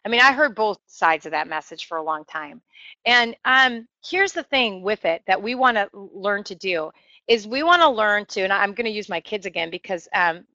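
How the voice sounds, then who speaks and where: Bright-voiced woman teaching a sermon. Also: medium pitch, lively intonation, no room sound, lo-fi sound. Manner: emphatic, drawn-out stresses, many restarts.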